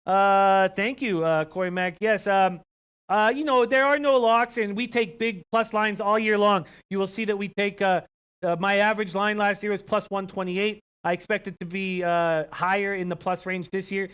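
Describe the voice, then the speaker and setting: On his sports betting livestream, a young man from Canada speaks at normal speed in a high, clear, resonant voice. He keeps things relaxed, reading comments and betting lines aloud with lots of ums and uhs.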